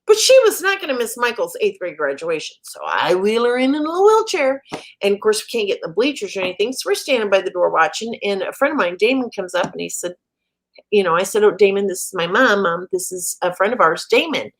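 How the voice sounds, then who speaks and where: A woman's voice: mid-range voice, big pitch swings, fast. A middle-aged woman from the Midwest, a guest author telling funny stories in a casual interview, laughing often. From American Midwest.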